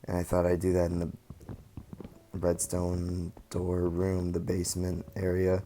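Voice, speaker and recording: A young man with a low, fairly monotone voice gives relaxed commentary over his game footage. He rambles a little and fills pauses with ums and likes. His tone stays mellow throughout. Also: a little hiss or hum. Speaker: gaming channel host. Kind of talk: casual gameplay commentary.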